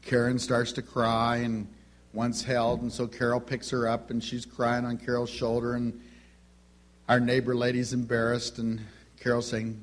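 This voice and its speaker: A man's voice: mid-range voice, completely flat delivery, a little slow. A middle-aged man giving a teaching talk on Christian parenting, telling family stories and acting out the dialogue. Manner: storytelling, acts out family dialogue.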